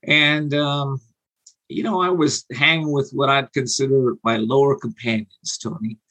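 Man, forties, husky voice, earnest and halting, personal storytelling. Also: medium pitch, fairly even intonation, sharp tone, poor audio. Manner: earnest, halting, many fillers and restarts. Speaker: guest sharing his recovery story. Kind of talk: personal storytelling on an interview show.

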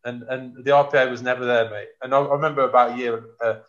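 A man's voice: mid-range voice, steady tone, quick pace, a bit bright. Blunt man, dull lo-fi sound. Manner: blunt, frank, says mate often. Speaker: podcast guest, former rugby player. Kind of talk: casual chat.

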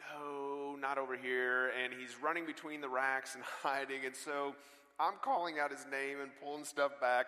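A male guest preacher in his forties spins a funny, animated story from the pulpit. His voice is bright and forward, and it rings out with the long reverb of a large church hall. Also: mid-range voice. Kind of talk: sermon with storytelling. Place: church auditorium.

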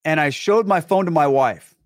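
Guy telling his story on a podcast, kinda high voice, super dry sound, acts out all the voices. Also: normal speed, dry recording. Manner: animated storyteller who acts out dialogue; many fillers and restarts. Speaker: podcast guest. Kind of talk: personal storytelling in conversation.

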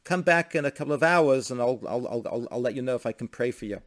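A man's voice: medium pitch, fast, natural voice. A man doing a guilty, stammering impostor. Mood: apologetic. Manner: hesitant, apologetic, stammering. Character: guilty poor man faking a holy role.

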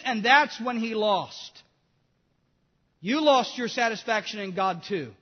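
A man preaches with great passion, his voice pitched unusually high as he moves from urgent appeals to low, hushed confessions. The recording is dull and lo-fi, and it rings with a long hall reverb. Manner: impassioned preaching, swinging from loud to hushed. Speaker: pastor. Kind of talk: sermon.

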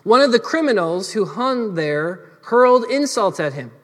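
A male pastor delivers a sermon, earnest and explanatory as he speaks straight to the congregation. His voice sits high for a man. It rings out with a long hall reverb. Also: very animated, normal speed.

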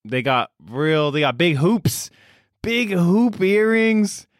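A man's voice: sits high, sing-song, slow, dry recording, clean studio sound. Playful male tabletop player. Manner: playful, joking. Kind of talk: tabletop game role-play.

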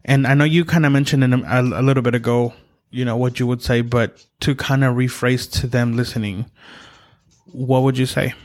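A man hosting a podcast interview who speaks haltingly and stumbles over his words. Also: medium pitch, steady tone, a little mellow. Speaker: podcast host.

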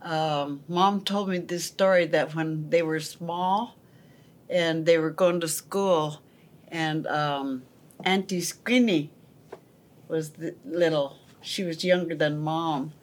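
A woman telling a family story in a podcast, halting, with many pauses and fillers. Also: low-pitched, fairly even intonation.

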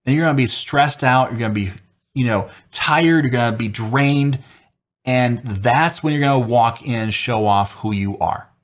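Guy talking through job interview tips, loose and rambly, mid-pitch voice. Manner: conversational, rambling, with fillers and acted-out quotes. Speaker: software developer giving career advice. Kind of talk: casual advice monologue.

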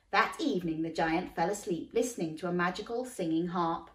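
A woman reading a children's story aloud, animated and inviting listeners to join in, a little away from the mic in a roomy space. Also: fairly low pitch, fairly quick, few pauses. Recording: roomy, slightly distant mic.

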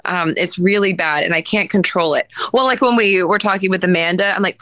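A woman co-hosting a podcast in casual chat, quick with asides and often making fun of herself. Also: on the low side, pushed and bright, dry recording. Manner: chatty, self-deprecating, quick asides. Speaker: podcast co-host.

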